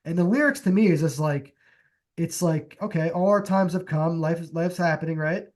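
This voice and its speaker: Rambling, somewhat high-voiced man. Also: normal speed. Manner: relaxed, rambling, many fillers. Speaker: podcast co-host. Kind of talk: casual chat.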